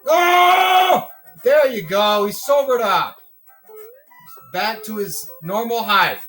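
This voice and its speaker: High, lively man hollering over games. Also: slow pace, faint music behind, poor audio. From United States. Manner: excitable, whooping, breaks into rhymed boasts. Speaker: gamer. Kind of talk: casual gameplay commentary.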